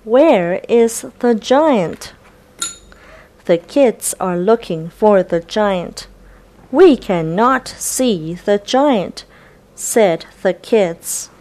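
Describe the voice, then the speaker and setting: A woman reading a children's storybook aloud, slow and deliberate for young listeners. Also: mid-range voice, lively intonation, mellow. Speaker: storybook reader.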